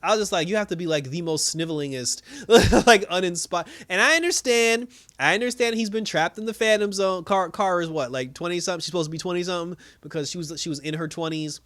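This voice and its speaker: A man hosts his show with a quick, tumbling delivery as he walks through a TV episode. His voice sits a little high for a man. He keeps it loose and slangy, jumping into the characters' lines with lively energy. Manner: animated slangy retelling, acting out characters' lines with laughs. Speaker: show host reviewing a TV episode. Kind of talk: casual episode recap.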